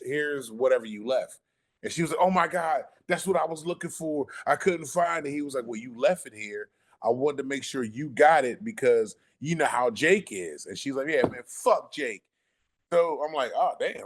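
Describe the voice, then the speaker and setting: A podcast guest with a mid-range voice tells a story casually, animated and profane. He acts out the people he quotes.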